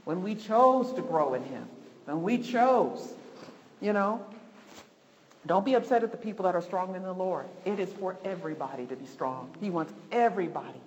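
A woman leading an informal church lesson, talking in a conversational, repetitive and lively way. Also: lowish voice, normal speed, big-room sound, a little hiss or hum, rough recording. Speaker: Bible study teacher. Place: church hall.

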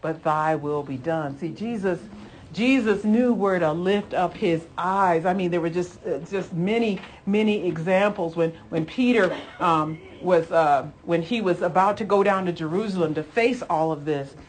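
Woman, preacher, lower voice, conversational sermon, animated storytelling, emphatic repetition. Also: normal speed, slight background noise. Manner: animated storytelling with repeated phrases and emphatic exhortations.

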